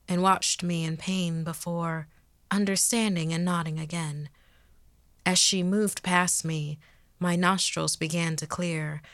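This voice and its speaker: A woman host reading a ghost story aloud in a measured way, dropping to a whisper at eerie moments. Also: fairly low pitch, a bit bright, no room sound.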